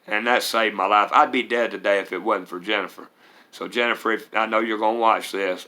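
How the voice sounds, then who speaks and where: A man's voice: on the low side, steady tone, fairly quick, bright, forceful tone. A middle-aged man, telling his recovery story in an earnest, rambling way. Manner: earnest and rambling, with Southern US turns of phrase. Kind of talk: personal testimony.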